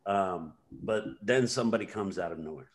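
A man's voice: low-pitched, normal speed. A man hosting a podcast in casual conversation, talking in a meandering way with many fillers as he retells scenes. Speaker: podcast host.

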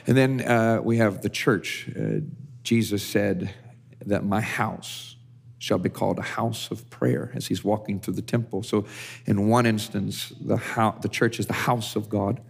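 A male pastor with a lowish voice preaches in a relaxed, conversational way. He often restarts and repeats words as he talks. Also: unhurried, gravelly, slightly rough. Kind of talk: sermon.

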